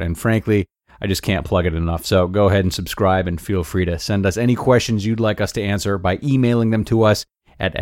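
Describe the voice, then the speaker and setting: A man hosting a podcast, calmly narrating a blog post in a measured way. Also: on the low side, no echo, clean studio sound. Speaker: host.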